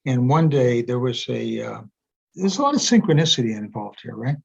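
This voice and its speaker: Older male guest, casual storyteller, husky voice, muffled video-call sound. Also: medium pitch, sing-song, moderate pace. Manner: rambling anecdotes with many fillers and restarts. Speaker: interview guest, energy psychology author. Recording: dull lo-fi sound.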